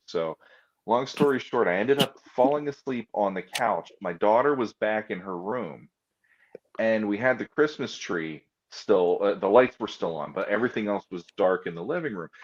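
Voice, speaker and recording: A man's voice: on the low side, expressive, normal speed, muffled recording. A man chatting casually as a podcast co-host, telling rambling, self-mocking stories and laughing often. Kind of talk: casual chat.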